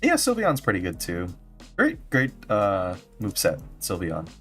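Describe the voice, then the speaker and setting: A man's voice: fairly low pitch, wildly swooping pitch, unhurried, faint music behind. A man streaming as a vtuber, chatting casually and playfully with his viewers and laughing often. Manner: giggly, playful, reacting to chat. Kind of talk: casual livestream chat.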